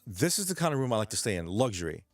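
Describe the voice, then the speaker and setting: A man's voice: lowish voice, very animated, rapid-fire. A young man from New York ranting in a vlog, profane and agitated, repeating himself as he talks. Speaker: vlogger.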